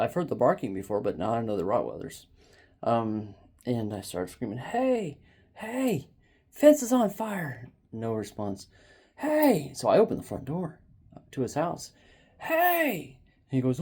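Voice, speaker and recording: A man filming himself on a handheld phone outdoors, telling a story in a loose, rambling, animated way. His voice sits at an ordinary middle pitch, and he jumps between casual asides and loud, emphatic bursts. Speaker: vlogger.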